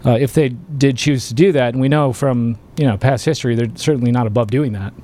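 A man hosting a live political talk show, speaking in an animated, emphatic way. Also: medium pitch, fairly quick. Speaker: host.

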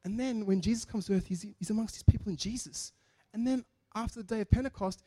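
A man's voice: sits high, fast. A man preaching a sermon in a chatty, joking way, acting out the people in his stories. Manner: animated, chatty, jokes and acts out quotes. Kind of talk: sermon with storytelling.

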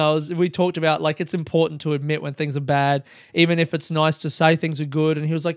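A man's voice: a little high, little pitch movement, fairly quick, hardly any pauses, no room sound, clean studio sound. A young man hosting a podcast, rambling, self-mocking and swearing often as he talks alone. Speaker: podcast host. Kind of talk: casual solo monologue.

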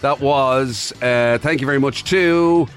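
A man's voice: mid-range voice, slow. A man co-hosting a show, quizzing his partner in casual joking chat. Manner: jokey, quizzing his co-host. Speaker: radio co-host.

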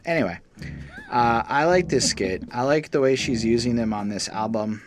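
A blunt man talks through an album in casual, profane chat. He is animated and opinionated, with faint music running quietly behind him. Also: mid-range voice, moderate pace. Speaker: album review co-host.

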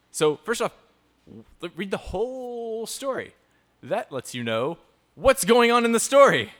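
A man's voice: on the high side, a bit bright. A man hosting a live talk for young people, joking and improvising tangents as he explains. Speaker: youth talk presenter and show host. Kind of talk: live talk to a youth audience.

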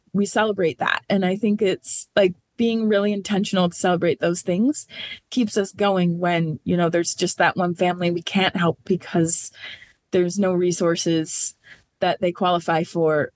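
A woman's voice: lowish voice, dry recording. A woman program manager for a nonprofit, talking through her work in a podcast interview, earnest and thoughtful, with many "like" and "you know" fillers.

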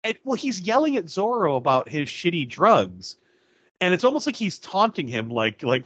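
Animated man recapping a film. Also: sits high, fairly quick, slightly rough, no echo, dull audio. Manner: animated retelling, acts out lines, laughs often. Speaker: podcast co-host. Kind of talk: casual film recap chat.

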